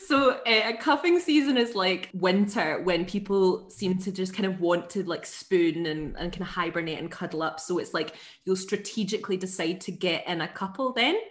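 A woman's voice: fairly low pitch, moderate pace, hardly any pauses. A woman with a Northern English accent hosting a podcast, chatting and laughing a lot. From Northern England. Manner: giggly and chatty. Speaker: podcast host. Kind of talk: casual podcast chat.

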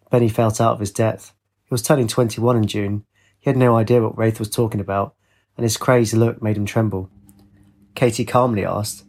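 Husky guy reading a story aloud, steady and plain. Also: fairly low pitch, normal speed. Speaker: narrator. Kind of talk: audiobook story narration.

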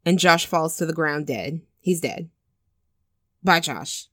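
A woman with a slightly low voice retells a film's plot for a podcast, loose and chatty. She bounces into the characters' lines as she goes. The recording is dry and close, with no room sound. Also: slow, dry recording. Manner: animated, acts out characters' lines with cursing and laughs. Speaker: podcast co-host retelling a film. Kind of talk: casual chat.

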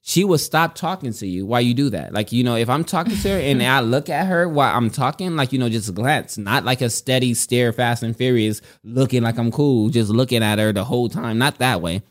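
A man's voice: medium pitch, a little fast, few pauses. Rambling man on a home podcast. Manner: rambling, repeats himself, animated storytelling. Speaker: podcast co-host. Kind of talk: casual chat.

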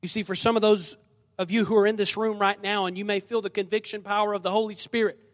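High-voiced preacher in a reverberant hall. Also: male voice, level tone, quick pace. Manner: preaching with call-and-response and dramatic scripture reading. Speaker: pastor. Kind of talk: sermon. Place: church sanctuary. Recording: long reverb of a large hall.

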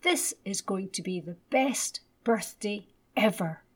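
A woman voicing an excited small boy on his birthday, loud, slow and gleeful. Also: mid-range voice, breathy edge.

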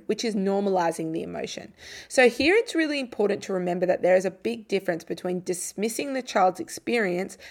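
Woman, podcast host and psychologist; calm, clear explainer of parenting techniques, mid-range voice. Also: medium pitch. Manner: calm, explanatory, models gentle phrases for parents.

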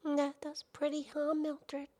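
A woman co-hosting a podcast in casual chat, talking quickly and excitedly. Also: high-pitched, a little hiss or hum. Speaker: podcast co-host.

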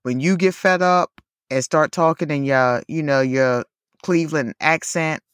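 A woman's voice: low voice, unhurried, clear, resonant tone, no room sound, studio quality. A woman co-hosting a podcast in casual chat, full of "like" and "you know", laughing often. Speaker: podcast co-host.

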